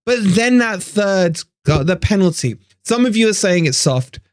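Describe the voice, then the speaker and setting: Fired-up bloke ranting on a fan stream, highish voice, dead dry mic, keeps repeating himself. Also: male voice, lively intonation, moderate pace, no echo. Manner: frustrated, swearing, repeating himself. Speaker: fan channel host. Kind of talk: live post-match rant.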